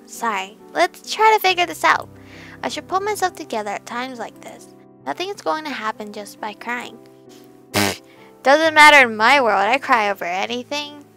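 Bright, high-voiced chatty woman streamer. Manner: giggly, chatty asides. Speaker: game streamer. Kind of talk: reading and commenting on a story game.

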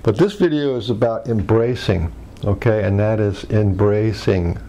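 Rambling male workshop teacher, mellow voice. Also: fairly low pitch, normal speed, slight background noise. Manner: rambling, many restarts and fillers. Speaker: workshop presenter. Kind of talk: teaching commentary.

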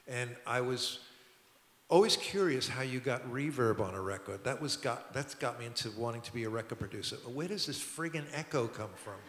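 A man's voice: medium pitch, animated, normal speed, fairly bright tone. An older man, telling rambling studio anecdotes at a public talk, with restarts and chuckles. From Brooklyn, New York. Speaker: record producer guest. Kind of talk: storytelling on a public talk stage. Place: museum auditorium. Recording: roomy hall with long reverb.

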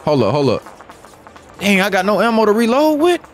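A young man giving excitable, slangy live commentary over gameplay, repeating phrases and muttering rap lines. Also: high-pitched, a little fast, noisy background. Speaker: gaming YouTuber.

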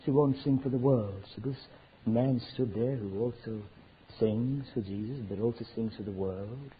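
A man preaching a sermon, swinging from loud fervent declarations to hushed near-whispers. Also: mid-range voice, moderate pace. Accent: South African. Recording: tinny lo-fi sermon recording with faint noise.

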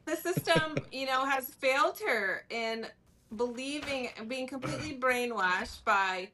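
A woman guest commenting on a talk show, speaking in a measured way with many fillers. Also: high voice, pushed and bright, a little hiss or hum.

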